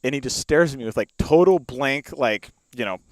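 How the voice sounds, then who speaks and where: A man's voice: medium pitch, lively intonation, moderate pace, dry recording. A young man telling a long story in casual chat, with lots of fillers and laughs, spoken into a studio mic. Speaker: podcast guest.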